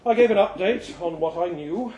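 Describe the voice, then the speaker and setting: A man giving a lively, expressive live reading of a short story at a pub event. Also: high-pitched, moderate pace, dull audio. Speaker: reader. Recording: roomy live venue sound.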